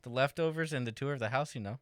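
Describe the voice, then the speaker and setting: A man's voice: mid-range voice, quick pace, dry recording. A man chatting on a podcast, telling family stories and chuckling through his own jokes. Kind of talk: casual chat.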